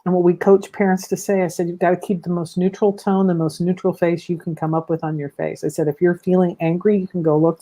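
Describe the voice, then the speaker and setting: A woman's voice: lowish voice, fast talker, few pauses. A woman who coaches parents and kids, answering in an interview and acting out the advice she gives. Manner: animated, acts out her own quoted advice.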